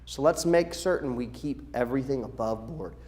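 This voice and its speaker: A middle-aged pastor with a mid-range voice gives practical instructions to his church's children's workers in a church sanctuary, speaking at normal speed. He is lively and animated, often acting out the voices of people he quotes.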